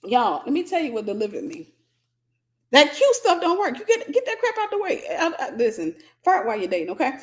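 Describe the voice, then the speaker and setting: An American woman hosting a candid Christian teaching talk, telling a humorous personal story in an animated, confessional way. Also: high voice, a little fast. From United States.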